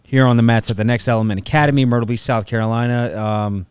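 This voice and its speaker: A man's voice: medium pitch, steady tone, fast talker, clear, resonant tone, dry recording. A man co-hosting a combat sports podcast, chatting casually and laughing easily, recorded on the mats of a martial arts gym. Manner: easygoing, laughs often. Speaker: podcast co-host. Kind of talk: casual chat.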